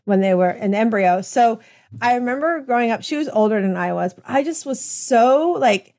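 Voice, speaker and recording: A woman hosting an interview podcast, her voice sitting a little high. She talks with eager enthusiasm in long, rambling runs, often restarting her sentences. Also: animated, normal speed, a little mellow. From United States. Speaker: podcast host. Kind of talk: conversational interview.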